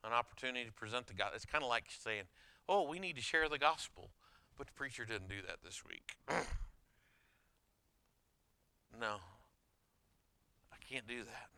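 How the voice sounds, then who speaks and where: A man preaching a sermon as a pastor, telling anecdotes in a conversational, animated way. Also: medium pitch, moderate pace, creaky, long pauses, clean tone, dry recording. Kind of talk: sermon with storytelling.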